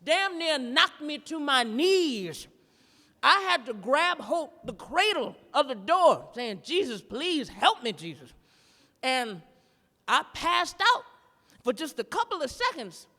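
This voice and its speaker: A woman performing a standup comedy routine live, telling a story in a brash, profane, animated way. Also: high voice, takes it slowly, in a large hall. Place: live performance in a gallery space.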